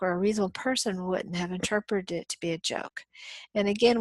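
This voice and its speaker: A woman's voice: medium pitch, dry recording. Dry-voiced woman lecturing on business law. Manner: explains with acted-out scenarios and frequent "um"s. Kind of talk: recorded lecture.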